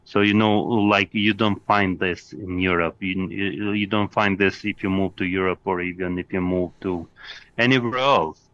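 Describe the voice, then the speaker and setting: A man as a podcast guest in casual chat, often pausing and restarting as he searches for words. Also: deep voice, fairly even intonation, fairly bright tone, dull audio.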